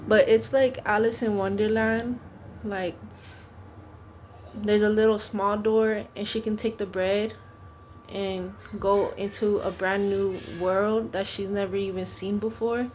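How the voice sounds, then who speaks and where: A woman speaks in an earnest, pleading sermon, repeating herself to press her point. Her pitch stays level and narrow. A steady noise sits under the recording. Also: takes it slowly. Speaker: preacher. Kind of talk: informal preaching monologue.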